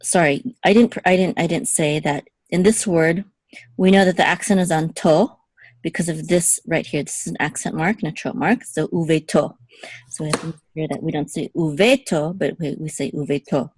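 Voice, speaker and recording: A woman's voice: deep voice, steady tone, a little mellow, slightly rough, no echo. Patient woman teaching pronunciation, dry sound. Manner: repeats words slowly to contrast pronunciations, frequent "okay?" checks. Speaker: Hebrew teacher. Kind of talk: patient step-by-step language lesson.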